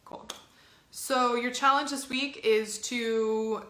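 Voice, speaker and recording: A woman coaching her listeners in a loose, chatty way, full of filler words and encouragement. Her voice is bright and clear. The recording carries a noticeable room echo. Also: a little high, fairly even intonation, slow. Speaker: health and fitness coach. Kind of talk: casual coaching talk to camera.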